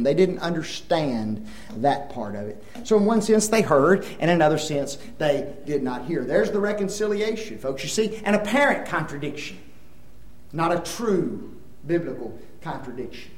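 A man's voice: fairly high pitch, normal speed, reverberant, slight background noise, poor audio. An older man preaching a Bible lesson, telling stories, acting out dialogue and asking the audience questions. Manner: animated storytelling, acts out dialogue, asks the audience questions. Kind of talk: sermon.

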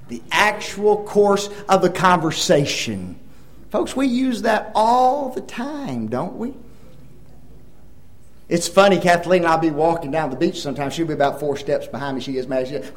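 Older guy preaching, high voice that swoops up and down a lot, acts out little scenes, keeps asking the crowd stuff. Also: normal speed, echoey room, rough recording. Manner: animated storytelling, acts out dialogue, asks the audience questions. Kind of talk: sermon.

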